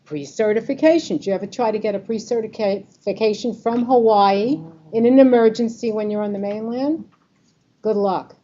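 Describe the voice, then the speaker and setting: A woman's voice: fairly high pitch, normal speed, mellow. A woman with a New York accent presenting a Medicare seminar, talking casually and quizzing the audience. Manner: chatty, quizzes the audience with true-or-false questions. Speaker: Medicare advisor presenting a talk. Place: meeting room with a live audience. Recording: slightly muffled recording, faint room noise.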